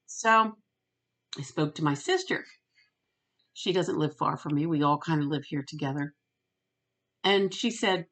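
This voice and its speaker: A middle-aged woman ranting in a storytime vlog, retelling a phone call and quoting both sides with lively emphasis. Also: sits low, measured pace, pauses often. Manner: animated, retells phone calls with quoted voices. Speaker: vlogger.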